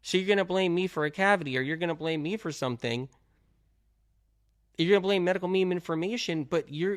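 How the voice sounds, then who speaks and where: A middle-aged man hosting a health talk in an animated monologue. He is emphatic, repeats himself, fires off rhetorical questions and swings between loud outbursts and low-key talk. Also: no echo, studio quality.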